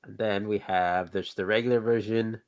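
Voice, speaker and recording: A male podcast host with a fairly low voice. He chats in a relaxed, rambling way, thinking aloud as he goes. His delivery stays casual and unhurried. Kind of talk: casual chat about toys and films.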